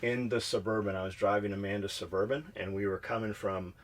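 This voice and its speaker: A Southern California man who co-hosts a podcast speaks with a fairly low pitch and a slightly fast pace. He tells a rambling, profane story casually, acting out the dialogue as he goes.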